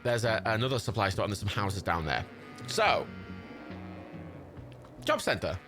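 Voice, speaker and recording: Lively, chatty male game streamer. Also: on the low side, measured pace, music in the background. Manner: chatty and self-mocking, swears freely. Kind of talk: casual livestream gaming commentary.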